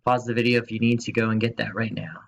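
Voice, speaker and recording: A man teaching a recorded remote grammar lesson at his computer, explaining slowly and spelling words out, with playful quiz questions and jokes. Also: fairly low pitch, level tone, gravelly, poor audio.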